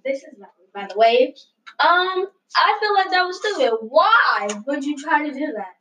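A woman's voice: high-pitched, sing-song, normal speed, bright, forceful tone, poor audio. A woman giving blunt opinions in a casual chat, hesitant and full of fillers.

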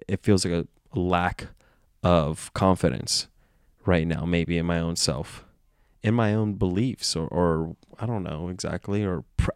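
A man's voice: sits low, darkish tone, no echo, clean studio sound. A man hosting a solo podcast, talking in a playful, meandering stream of consciousness from his bed at home. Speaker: podcast host. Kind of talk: rambling solo podcast monologue.

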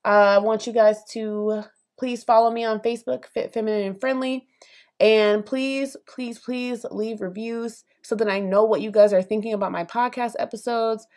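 A woman's voice: fairly high pitch, steady tone, normal speed, a little mellow. A young adult woman hosting a solo podcast, speaking passionately and emphatically in a conversational way, with many fillers and asides. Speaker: podcast host. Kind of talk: solo opinion podcast monologue.

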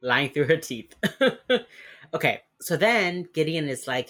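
A woman co-hosting a podcast recaps a TV episode in a casual chat, her low, fairly bright voice very animated but slow-paced. She throws in swearing and acts out lines from the characters with gusto.

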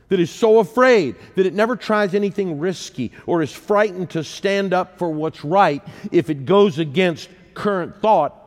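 Man in his sixties preaching in a reverberant hall. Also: on the high side. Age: 60s. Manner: humorous, self-deprecating storyteller. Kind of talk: sermon with personal storytelling. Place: church sanctuary. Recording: long reverb of a large hall.

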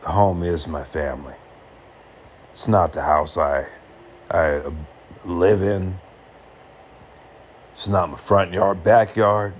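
A man talking earnestly to the camera in short, halting phrases, reflecting on happiness. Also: low-pitched, steady tone, slight background noise.

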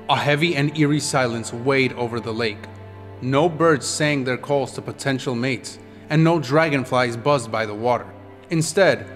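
A man reading an audiobook in a measured, descriptive storytelling manner. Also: mid-range voice, a bit bright. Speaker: audiobook narrator. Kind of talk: scripted audiobook narration. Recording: long reverb with background music.

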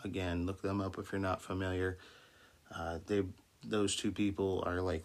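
A man speaking as a minister, giving an informal Bible talk with many restarts and fillers, then reading scripture slowly. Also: low voice, flat delivery. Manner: slow deliberate scripture reading.

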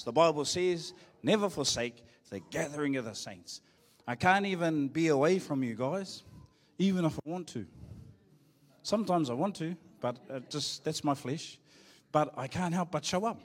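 A middle-aged pastor with a New Zealand accent, speaking a little high for a man. He preaches in a loose, joking way, talking to the people in front of him. His voice rings through a large church hall with a long echo. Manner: joking, talks to the congregation. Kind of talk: live sermon.

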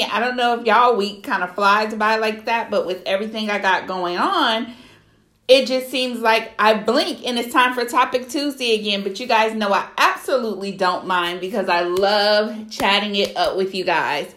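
A young adult woman hosting a solo podcast, telling a story in an animated, outraged, profane way. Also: on the high side, moderate pace, roomy sound. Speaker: podcast host.

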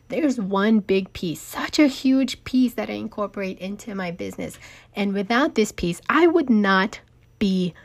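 A woman business owner hosting her own show, talking emphatically and tearfully about her faith. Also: mid-range voice. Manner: emotional, emphatic, confessional. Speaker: podcast host, business owner. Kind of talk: personal faith talk.

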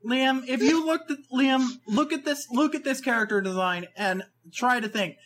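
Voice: high-pitched, moderate pace, fairly bright tone. A podcast co-host in casual chat who keeps cutting in with jokes and talks over the others.

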